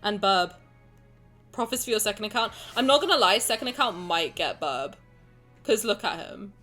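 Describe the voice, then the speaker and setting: Bubbly, lively-voiced woman streamer. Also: mid-range voice, normal speed, faint music behind. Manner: excitable, gushing, swears casually. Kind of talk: casual livestream chat.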